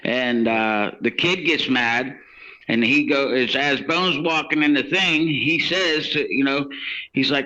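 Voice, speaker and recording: A man's voice: mid-range voice, moderate pace, bright, forceful tone, dull audio. A man telling his own story in casual, rambling speech, acting out what others said. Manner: rambling, many restarts and quoted dialogue. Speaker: interviewee telling his case.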